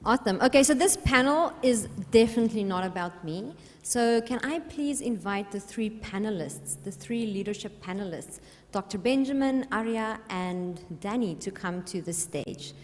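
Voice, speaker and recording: A woman's voice: mid-range voice, lively intonation, moderate pace, few pauses. A woman from South Africa moderating a conference panel, friendly and a bit hesitant. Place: large conference hall. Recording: reverberant hall.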